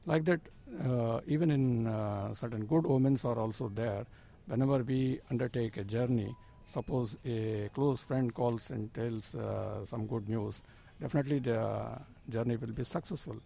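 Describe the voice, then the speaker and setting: A man in his fifties with a dark, husky voice and a gravelly edge to his words. He answers questions earnestly in plain, simple phrasing. He pauses often and fills the gaps with soft hesitations. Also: mid-range voice. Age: 50s. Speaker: astrologer. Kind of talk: interview answers.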